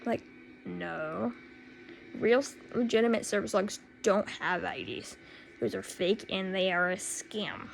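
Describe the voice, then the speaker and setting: Indignant teen girl with a gravelly voice. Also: mid-range voice, a little slow, slight background noise, low-quality recording. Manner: indignant, sarcastic, repeats herself for emphasis. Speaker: vlogger. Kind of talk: storytime rant.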